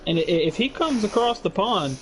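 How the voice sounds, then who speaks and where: A male co-commentator with a fairly high voice, adding dry jokes to live racing commentary. A faint hiss sits behind his voice. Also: lively intonation, moderate pace.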